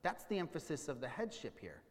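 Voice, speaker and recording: A man preaching a sermon as a pastor, teaching with questions and slowing down to stress key points. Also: a little high, huge pitch swings, in a large hall. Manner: teaching, with questions and slowed emphasis.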